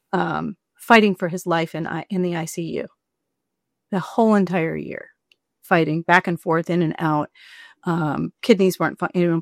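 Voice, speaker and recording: Woman author, lowish voice, animated storytelling, dry close sound. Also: vocal fry, dry recording. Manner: animated, acts out quoted voices, rambling. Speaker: author and interview guest. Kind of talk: casual conversational storytelling.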